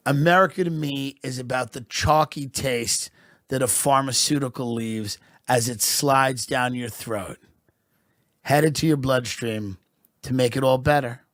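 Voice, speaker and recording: A man hosting a podcast, delivering a sardonic, deadpan comedic rant. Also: mid-range voice, unhurried, dry recording, clean studio sound. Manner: sardonic, deadpan, with bursts of laughter. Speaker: podcast host.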